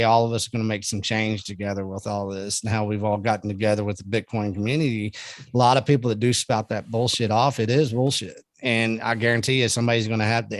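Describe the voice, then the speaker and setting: A man's voice: lowish voice, no echo. A middle-aged man talking earnestly in casual conversation, often ending his points with "man". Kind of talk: casual chat.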